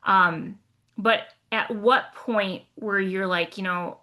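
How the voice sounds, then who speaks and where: A woman's voice: medium pitch, slow pace, bright, forceful tone. A woman co-host chatting in an upbeat, conversational way. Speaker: podcast co-host. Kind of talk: casual chat.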